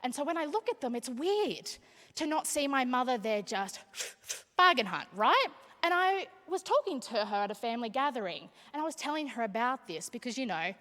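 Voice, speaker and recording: Young woman, brash and animated stand-up, slightly high voice, long hall echo. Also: moderate pace. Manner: brash, animated, crowd-teasing. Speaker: stand-up comic speaker. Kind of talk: stand-up comedy.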